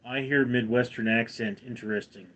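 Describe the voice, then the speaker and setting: American guy on a livestream, middle-aged, reads chat and answers, steady and measured, mid pitch. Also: dull audio. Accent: General American. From United States. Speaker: livestream host.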